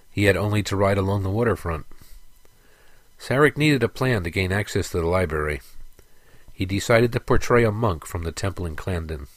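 A man reading a fantasy story aloud in a measured, even storytelling manner. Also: sits low, no room sound. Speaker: narrator. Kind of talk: audiobook narration.

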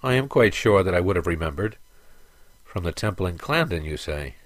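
A man voicing a formal, measured male temple brother. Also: sits low, expressive, dry recording.

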